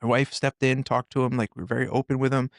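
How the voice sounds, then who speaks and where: Middle-aged man, gravelly, dry close mic; earnest storyteller who restarts often. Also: medium pitch, flat delivery, no room sound. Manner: earnest, halting, with many restarts. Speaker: podcast guest, firefighter and author. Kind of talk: storytelling in a conversation.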